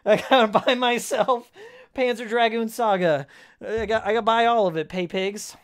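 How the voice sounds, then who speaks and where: A man's voice: high voice, fairly even intonation, moderate pace. A man streaming a video game, chatting casually with his viewers in a heated, sarcastic rant with frequent laughs. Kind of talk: casual live-stream chat while playing.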